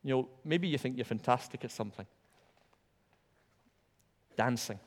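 A man's voice: mid-range voice, normal speed. Emphatic man preaching in a church. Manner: animated, emphatic, repeats words for stress. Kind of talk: sermon. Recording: long hall reverb.

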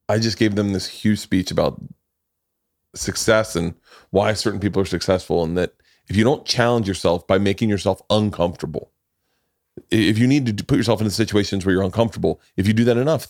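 A man hosting a podcast in casual chat, telling stories in an animated way with frequent swearing and laughter. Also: lowish voice, dry recording, studio quality. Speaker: podcast host.

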